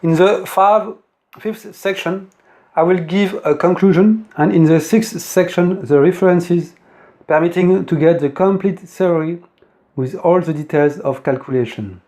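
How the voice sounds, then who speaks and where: A man's voice: high-pitched, dark tone. A man with a French accent, not a native English speaker, giving a careful, formal science lecture. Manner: careful, deliberate, formal phrasing. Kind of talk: slow formal lecture reading.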